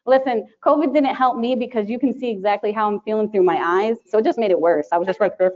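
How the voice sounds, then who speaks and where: A woman presenting to a live conference audience, chatty and animated, laughing often and acting out quotes. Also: mid-range voice, quick pace. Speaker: conference presenter, sterile processing educator. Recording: dull lo-fi sound.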